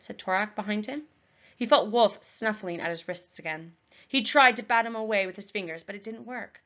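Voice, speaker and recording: A woman teacher reading a novel aloud to her class, expressive and clear. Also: medium pitch, moderate pace, muffled recording. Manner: expressive storytelling.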